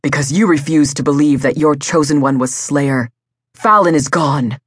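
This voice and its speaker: A woman's voice: deep voice, moderate pace, slightly rough, no echo, clean studio sound. A woman voicing a desperate, vengeful male werewolf who sneers and hisses in anger. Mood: sneering. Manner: sneering, hissing and menacing.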